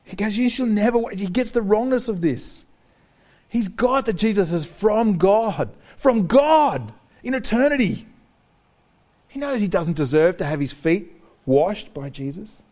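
Aussie guy preaching a sermon, pretty high voice, gets animated and jokes around. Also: measured pace. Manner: animated preaching, jokes with the congregation, acts out quoted speakers. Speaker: pastor.

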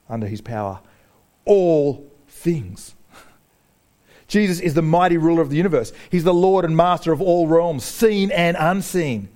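Aussie guy preaching a sermon, pretty high voice, gets animated and jokes around. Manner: animated preaching, jokes with the congregation, acts out quoted speakers. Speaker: pastor.

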